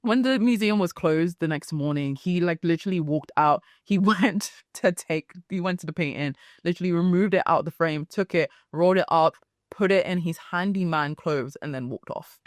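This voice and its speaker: A young woman hosting a solo podcast, telling stories in a chatty, animated way with frequent asides. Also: on the low side, moderate pace, no echo, clean studio sound. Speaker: podcast host. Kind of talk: casual solo podcast chat.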